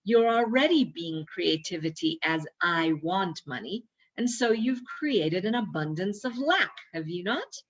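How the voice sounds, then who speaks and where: A woman reading aloud the lines of a spiritual teacher guiding a student, in her own low voice with light emphasis. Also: animated, a little slow. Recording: dull lo-fi recording.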